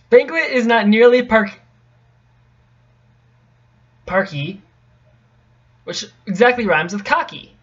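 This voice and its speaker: A young man reading a tricky poem aloud in a casual, halting way, often stopping to correct himself and mutter asides. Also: high-pitched, expressive, a bit bright. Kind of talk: casual stumbling read-aloud. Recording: dull lo-fi home recording.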